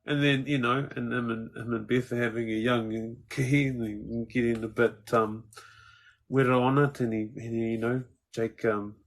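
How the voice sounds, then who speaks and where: A man's voice: mid-range voice, little pitch movement, moderate pace. A New man chatting casually as a guest, laughing often and quoting film lines. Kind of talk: casual chat.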